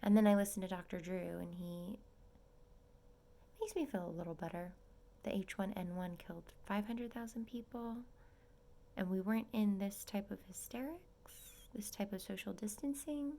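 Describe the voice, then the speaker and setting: Young woman, nursing student vlogger, chatty and gushing, gravelly fry, slips into whispers. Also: medium pitch, normal speed, dark tone. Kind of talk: casual vlog update. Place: at home in a small apartment.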